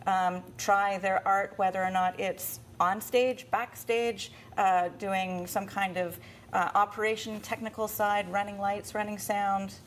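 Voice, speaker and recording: A woman's voice: mid-range voice, flat delivery, measured pace, a little hiss or hum. Woman explaining at length, with fillers. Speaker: volunteer committee chair at a theatre. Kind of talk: explanatory interview talk.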